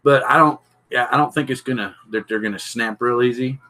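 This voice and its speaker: A middle-aged man hosts a casual live stream. He rambles and thinks aloud, stopping to greet viewers as they drop in. His voice sits at an ordinary middle pitch. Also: fairly quick, bright, forceful tone, poor audio. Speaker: drone channel host. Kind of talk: live-stream product unboxing chat.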